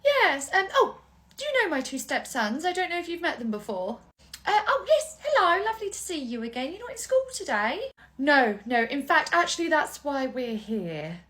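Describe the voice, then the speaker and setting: A woman's voice: big pitch swings, moderate pace, a bit bright. A woman putting on a snooty sing-song mother. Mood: breezy. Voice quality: high, sing-song and patronising. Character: snooty, self-absorbed mother, woman, middle-aged.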